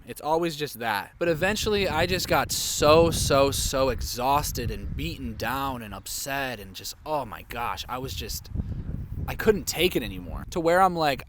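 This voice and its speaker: A young man candidly telling his personal story in a vlog, animated and full of "like". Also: medium pitch, slight background noise. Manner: candid, animated, heavy use of "like". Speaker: vlogger.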